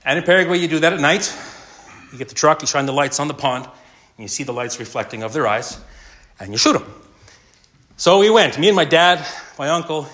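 Man, middle-aged, sermon, storytelling preacher, loud bursts and hushed asides, mid pitch. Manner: storytelling with wide swings between loud and hushed. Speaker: pastor.

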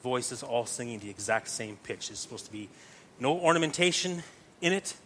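A man's voice: medium pitch, lively intonation, normal speed, a bit bright, a little hiss or hum. A man teaching psalm chanting step by step, patient and explanatory, often checking that listeners follow.

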